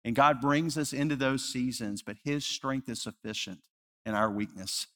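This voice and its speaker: In a church sanctuary, a male pastor with a medium-pitched voice delivers an earnest sermon. He climbs to loud emphasis, then falls to a hushed, slow repetition. The hall's reverb is clearly audible.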